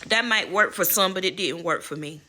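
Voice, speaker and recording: Candid woman preaching casually, low bright voice. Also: fairly quick. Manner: candid, preachy, swears freely, addresses viewers as y'all. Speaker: spiritual advisor and channel host. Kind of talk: casual inspirational talk to viewers.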